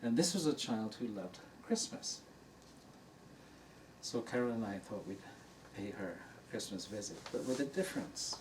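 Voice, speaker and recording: Fairly low in pitch but lively in intonation, an older dharma teacher speaks at normal speed as he tells an easygoing story to a hall crowd, laughing at it himself. A distant mic picks him up with faint hiss.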